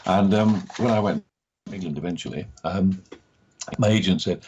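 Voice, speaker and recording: A very deep, husky older man with a Scottish accent spins anecdotes for an interviewer, slipping into the voices of people he quotes. The recording is dull and lo-fi. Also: moderate pace, darkish tone. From Scotland. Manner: acts out quoted voices in his stories. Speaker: actor guest.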